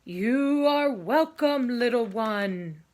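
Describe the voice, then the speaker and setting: A woman playing a booming storybook tiger, male, wise, commanding, slow and loud, lively swoops in pitch. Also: slight background noise. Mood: solemn.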